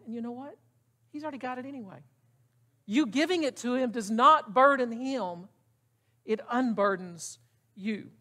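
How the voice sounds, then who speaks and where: A man's voice: high voice, a bit bright. Conversational middle-aged male preacher. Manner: conversational, emphatic, asks the congregation questions. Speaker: pastor. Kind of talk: sermon.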